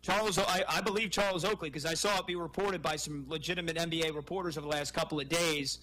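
Male sports radio host, bright, forceful tone, slightly high voice, lively and conversational. Heard on a radio broadcast. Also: fast, poor audio. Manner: energetic, conversational.

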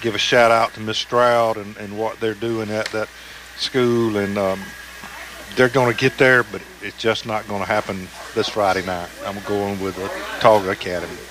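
A man's voice: fairly low pitch, little pitch movement, normal speed, noisy background. A man on a sports talk panel, jovial and teasing. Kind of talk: casual sports chat.

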